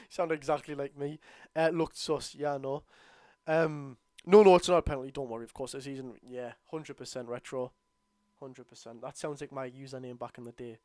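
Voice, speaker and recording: A tired Geordie man hosting a live football watchalong, bursting out at the referee and grumbling low between plays. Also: moderate pace, dry recording, studio quality. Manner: excitable outbursts at the referee, then low grumbling asides. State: tired, yawning. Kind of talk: live football watchalong commentary, reading chat.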